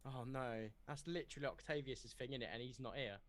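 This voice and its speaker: A man's voice: mid-range voice, brisk, fairly bright tone. A man playing a tabletop game in character, brash, demanding and joking. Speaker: player.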